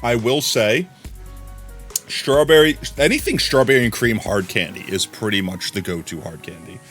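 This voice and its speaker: A man's voice: on the low side, moderate pace, fairly bright tone, faint music behind. Rambling casual male streamer. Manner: rambling, repeats words, laughs often.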